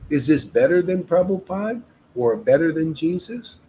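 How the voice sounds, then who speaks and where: A man's voice: a little high, animated, normal speed, warm tone, a little hiss or hum, poor audio. Emphatic man exhorting listeners. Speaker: devotional meetup leader. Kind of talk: informal spiritual talk.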